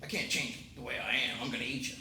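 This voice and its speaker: A man voicing a sly, hungry male crocodile in a fable he tells, in a low, quiet, matter-of-fact way. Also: fairly even intonation, fast, roomy sound, slight background noise.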